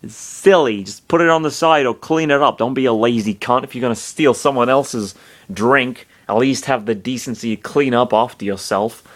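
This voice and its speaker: A man's voice: medium pitch, normal speed, a bit bright. A man reading fan fiction aloud, breaking off for sarcastic, muttered asides full of swearing.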